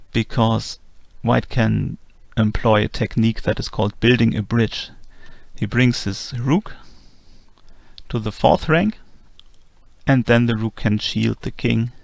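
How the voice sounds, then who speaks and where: A man teaching a chess endgame lesson in a calm, methodical voice-over, walking through the moves one by one. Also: medium pitch, a little slow, gravelly, dry recording. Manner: methodical, calm move-by-move explanation. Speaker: chess instructor. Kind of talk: explanatory chess lesson narration.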